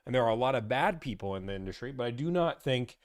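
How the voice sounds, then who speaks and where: A young man hosting a casual livestream, talking in an energetic, rambling and playful way. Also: medium pitch, quick pace. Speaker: livestream host and car deal negotiator.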